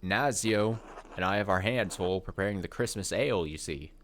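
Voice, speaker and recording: A man voicing a busy, apologetic male brewer in a game, reading briskly. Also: low-pitched, fairly bright tone, a little hiss or hum.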